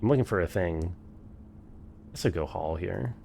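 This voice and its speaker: Low, gravelly-voiced male game streamer. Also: expressive, measured pace, dark tone, a little hiss or hum. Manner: thinks aloud, swears freely, chats with viewers. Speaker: streamer playing a game for the first time. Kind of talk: casual live-stream commentary.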